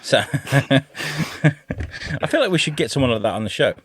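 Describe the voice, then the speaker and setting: A man chatting on a podcast, telling animated stories and swearing without a second thought. His voice sits at an ordinary middle pitch. It is recorded dry and close, with no room sound around it. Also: moderate pace, breathy edge, no echo. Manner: animated storyteller, swears freely, lively retellings. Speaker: podcast co-host. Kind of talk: casual chat.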